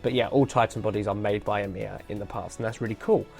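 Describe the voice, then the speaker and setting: A man's voice: fairly low pitch, fairly even intonation, fast, vocal fry, a little mellow, faint music behind. Rambling late-night podcast man on a headset. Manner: rambling, self-deprecating, jokey. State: tired and loopy late at night. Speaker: podcast host. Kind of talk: casual solo commentary.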